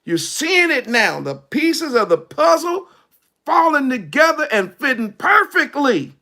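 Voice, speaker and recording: A male preacher, telling a story in an animated sermon, laughing and shouting at peaks. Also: extremely high pitch, measured pace.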